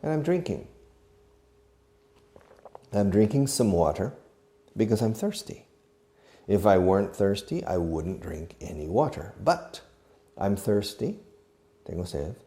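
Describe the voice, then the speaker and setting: A man's voice: lowish voice, big pitch swings, measured pace, pauses often, mellow. A man teaching English verbs, acting each one out, spelling words and repeating phrases, with asides in Spanish. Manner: switches into Spanish to explain. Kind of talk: slow demonstrative language lesson.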